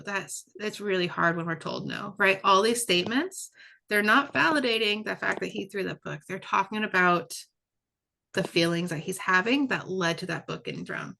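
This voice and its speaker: Bright-voiced woman presenting a webinar. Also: mid-range voice, normal speed, gravelly, a little hiss or hum. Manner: conversational, often checks in with "right?" and "you know"; repeats words for emphasis. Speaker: presenter and curriculum developer. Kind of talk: webinar lecture.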